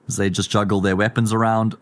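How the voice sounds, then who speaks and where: A man with a South African accent giving live play-by-play commentary on an esports match, animated and jumping up in pitch when excited. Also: fast talker. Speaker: esports caster.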